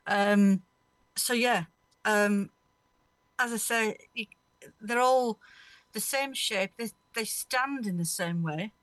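A woman's voice: medium pitch, slow, long pauses, fairly bright tone, no room sound. A woman hosting a radio show, chatting casually and telling rambling anecdotes, often laughing mid-story. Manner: rambling, anecdotal, laughs through her stories. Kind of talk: casual chat.

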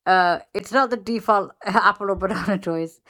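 A woman's voice: mid-range voice, normal speed, fairly bright tone. A woman co-hosting a casual podcast, laughing often as she reads chatbot answers aloud. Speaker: podcast co-host. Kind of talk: casual chat, reading aloud.

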